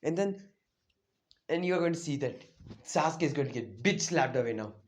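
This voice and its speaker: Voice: medium pitch, lively intonation, normal speed. A fan storyteller casually narrating an anime what-if plot off the cuff, rambling with many fillers and self-corrections.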